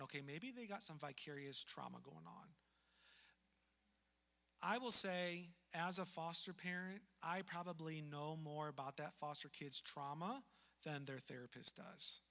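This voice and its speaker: A man who is a foster parent, telling a personal story in an earnest, emphatic way that drops to a hush for sad parts. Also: a little high, creaky, long reverb tail.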